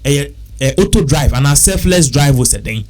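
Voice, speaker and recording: A man's voice: fairly high pitch, animated, moderate pace, darkish tone. A man with a Ghanaian accent, talking casually and repetitively, working through figures aloud. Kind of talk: casual talk mixing English and Twi.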